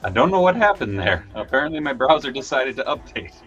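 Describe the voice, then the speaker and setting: A man hosting a casual live stream chat, telling relaxed stories and chuckling along the way. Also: medium pitch, quick pace, dull audio. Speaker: show host.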